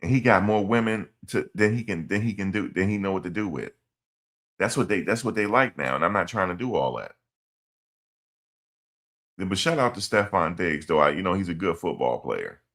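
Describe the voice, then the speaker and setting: A man's voice: low-pitched, lively intonation, moderate pace, fairly bright tone. A man streaming, rambling through a story in casual slang and repeating his phrases. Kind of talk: casual livestream commentary.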